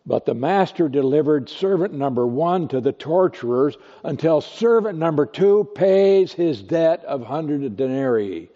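A male pastor preaching an expository sermon, teaching slowly and deliberately with rhetorical questions. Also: fairly high pitch, lively intonation, mellow. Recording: dull lo-fi recording with long hall reverb.

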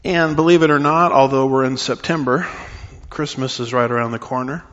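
A man preaching as the pastor of his church, teaching through scripture verse by verse at a measured pace with frequent uh fillers. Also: mid-range voice, fairly even intonation, fairly bright tone. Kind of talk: expository sermon. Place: church sanctuary. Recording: dull, reverberant church recording.

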